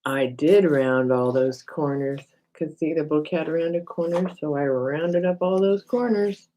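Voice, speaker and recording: A woman's voice: low-pitched, measured pace, warm tone, rough recording. Chatty middle-aged woman crafting at home. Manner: chatty, thinks aloud, talks to herself and viewers by name. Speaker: craft livestream host. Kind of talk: casual crafting demo chat with viewers.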